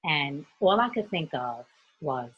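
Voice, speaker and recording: A woman from New York, a youth mentor, telling a personal story in an earnest, steady way during a group discussion on a video call. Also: low-pitched, slow, breathy edge, no echo, muffled recording.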